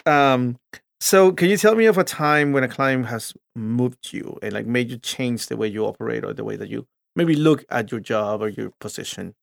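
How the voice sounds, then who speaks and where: A man's voice: mid-range voice, animated, normal speed, creaky, no room sound. A man co-hosting a podcast, asking questions in a joking, easygoing chat. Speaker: podcast co-host. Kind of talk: casual interview chat.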